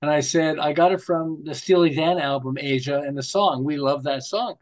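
Podcast guest: older man from Canada, a bit high-voiced, lively, rambling anecdotes. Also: moderate pace. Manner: rambling, animated anecdotes with restarts. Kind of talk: casual interview storytelling.

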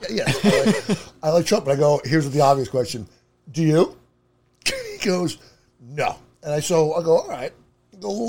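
Animated laughing storyteller man. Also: on the high side. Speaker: podcast co-host. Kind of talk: casual storytelling.

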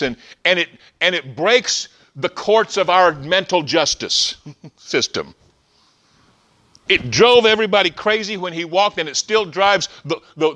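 A man preaching a sermon, excitable, often restarting phrases as he retells a story. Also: on the high side. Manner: excitable, stumbling restarts, acts out scenes.

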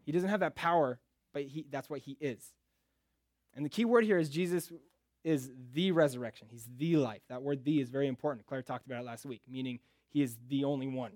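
A man preaching a casual, joking sermon in a relaxed conversational way. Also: mid-range voice, fast, no echo, clean studio sound.

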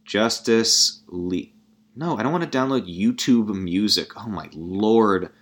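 A man's voice: lowish voice, animated, a little slow. A man ranting casually about a movie, rambling and profane, with sarcastic laughing asides. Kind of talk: casual comedic movie rant.

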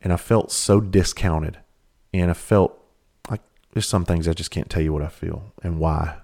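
A man telling a personal story in a blunt, profane, fired-up way, then dropping quiet. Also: low-pitched, moderate pace, creaky.

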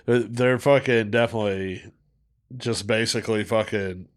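A man's voice: fairly low pitch, steady tone, measured pace. A man co-hosting a podcast, talking in a casual, profane, rambling way and laughing often. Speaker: podcast co-host. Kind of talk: casual chat.

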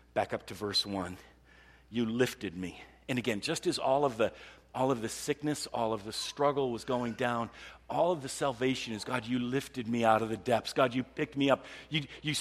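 Man preaching in an echoing hall. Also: mid-range voice. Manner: conversational preaching, voicing the psalmist with rising emphasis. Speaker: pastor. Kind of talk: sermon.

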